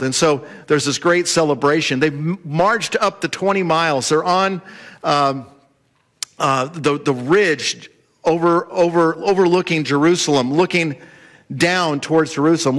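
A man preaching a sermon as pastor, telling the story with animated delivery and acting out the voices of the people in it. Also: a little high, normal speed.

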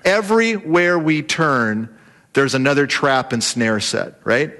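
A male pastor preaching a sermon with animated, humorous storytelling. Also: mid-range voice, a little slow.

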